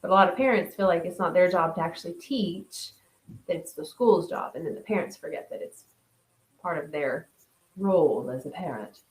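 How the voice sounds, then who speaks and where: A woman hosts a mindfulness talk as a casual live-stream chat, thinking aloud, reading out viewer comments, and often restarting or tossing in "right?". Her voice is fairly low and her pace normal. The recording has a roomy echo.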